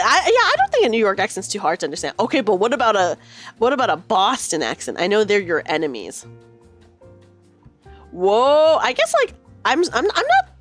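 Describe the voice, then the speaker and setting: A woman from the United States streaming a casual chat, giggling as she reads out and answers her viewers' chat. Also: mid-range voice.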